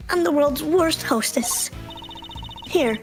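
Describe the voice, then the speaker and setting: A woman voicing a cheerful female TV cooking host who greets guests warmly as a hostess, with faint music behind. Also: sits high, expressive, slow pace, exaggerated voice. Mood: welcoming. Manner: bright, welcoming hostess.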